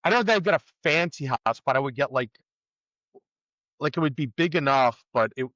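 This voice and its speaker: Chatty co-host man, bright voice, muffled dry audio. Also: medium pitch, animated, brisk, no echo. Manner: agreeable, chatty, lots of "like" and "yeah". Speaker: podcast co-host. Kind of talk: casual chat.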